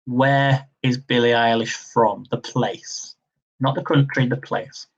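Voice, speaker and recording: A young man hosting a live-streamed quiz, reading each question slowly, repeating it, and adding chatty asides. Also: medium pitch, fairly even intonation, husky, highs cut off. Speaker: quiz host.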